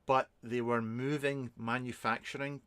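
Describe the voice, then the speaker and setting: A man's voice: mid-range voice, little pitch movement, measured pace, fairly bright tone, clear, resonant tone, no room sound. A man, a reviewer hosting a casual live stream, answering viewers in a rambling, chatty way with many ums and restarts.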